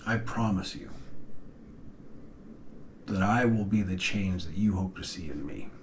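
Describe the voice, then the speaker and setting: A middle-aged man speaking earnestly and haltingly to his daughters in a personal video message, pausing often and sighing. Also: low voice, slight background noise. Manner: earnest, halting, with long pauses and sighs. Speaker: father addressing his daughters.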